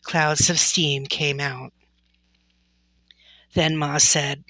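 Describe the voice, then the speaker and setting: Slow bright-voiced woman reading a storybook. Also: low voice, level tone, no echo. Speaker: storybook reader. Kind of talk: chapter book read-aloud. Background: faint music.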